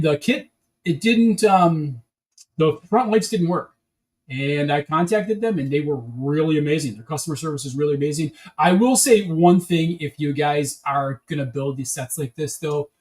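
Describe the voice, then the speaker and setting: A man's voice: fairly high pitch, a little mellow, rough recording. A man chatting casually on a livestream as he builds a brick set, rambling and restarting his sentences.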